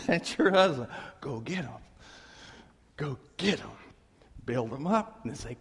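A man preaching a sermon, emphatic and animated, acting out the people he quotes. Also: mid-range voice, normal speed, creaky, husky. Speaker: pastor. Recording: long reverb of a big hall.

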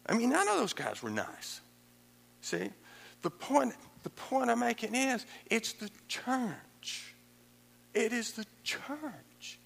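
A man preaching a sermon as pastor, animated and conversational, acting out quoted voices with chuckles. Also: extremely high pitch, takes it slowly, creaky, husky. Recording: echoey hall with long reverb.

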